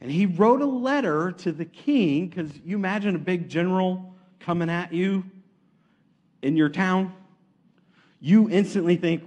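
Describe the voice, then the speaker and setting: A man preaching a sermon, retelling stories in a lively, casual way and acting out the quotes. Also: high voice, measured pace.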